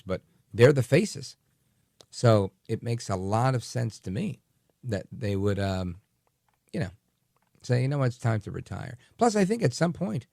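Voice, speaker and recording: A man's voice: lowish voice, creaky, mellow, dry recording, studio quality. A man hosting a talk radio show, delivering a rambling, chatty monologue full of asides and fillers.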